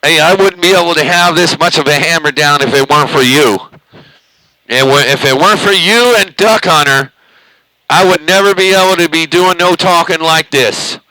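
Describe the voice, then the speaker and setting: A man with a rather high, sharp-toned voice talks at a normal speed over a CB radio mic from his bedroom at home, and the audio is poor. He's the channel host, rambling in a folksy, casual way and filling pauses with hesitant ums and uhs.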